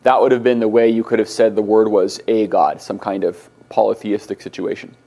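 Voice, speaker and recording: A man teaching a recorded classroom lecture on Greek grammar, halting with many ums and restarts and slowing down on key terms. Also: fairly low pitch, flat delivery, warm tone.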